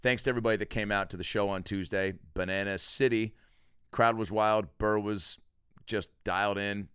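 A man hosting his own podcast in a casual solo monologue, quickly plugging and riffing. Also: lowish voice, a bit bright, clear, resonant tone, no echo, studio quality. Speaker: podcast host and comedian.

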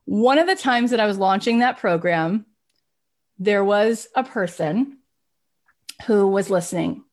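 A middle-aged woman hosting a podcast, giving a motivational talk and telling stories with lively, acted-out quotes. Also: medium pitch, measured pace. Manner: animated storyteller, acts out quoted voices. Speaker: podcast host.

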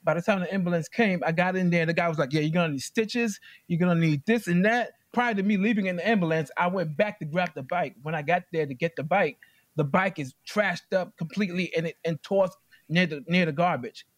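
Fast-talking high-voiced man testifying. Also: no echo. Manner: animated storytelling, acting out quoted speech. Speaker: plaintiff. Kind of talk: courtroom testimony.

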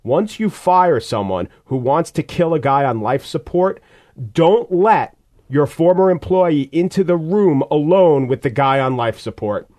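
A man's voice: on the high side, animated, measured pace, darkish tone. A man reviewing a movie on a podcast, talking in a wry, opinionated and emphatic way. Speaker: film critic.

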